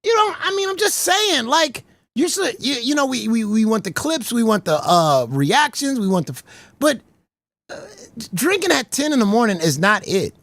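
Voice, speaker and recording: A man giving casual livestream commentary, animated, laughing often and stammering over repeated words. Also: very high-pitched, normal speed, no echo.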